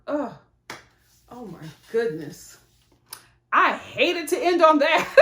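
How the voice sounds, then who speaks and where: A woman giving a casual, animated vlog review of a reality show, sympathetic and chatty. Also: on the high side, echoey room.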